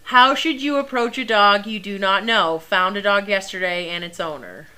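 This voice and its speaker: A woman's voice: medium pitch, normal speed, sharp tone. A young woman training service dogs, chatting casually through a live Q&A, laughing often and filling with ums and likes. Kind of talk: casual livestream Q&A.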